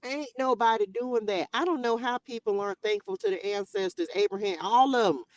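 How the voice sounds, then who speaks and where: A woman's voice: fairly high pitch, fairly quick, darkish tone, rough recording. A woman hosting a casual Bible study livestream, talking emotionally and straight to her viewers. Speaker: livestream host.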